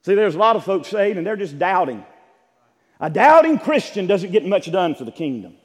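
A man preaching a sermon in an emphatic, repetitive style with bursts of shouting. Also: high-pitched, sing-song, moderate pace. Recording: church sanctuary with long reverb.

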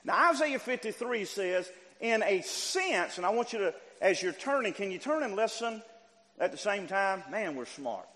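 A high-voiced man preaching a sermon, his voice swinging widely as he climbs to near shouts and then drops low. His words ring out with a long reverb through a church hall. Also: moderate pace. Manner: animated, rising to near shouts and dropping low. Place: church sanctuary.

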